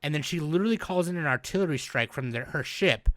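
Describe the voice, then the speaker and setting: Bright-voiced man chatting animatedly. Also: on the high side, fast, no echo. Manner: animated, rambling recap with frequent swearing. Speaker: podcast host. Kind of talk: casual chat.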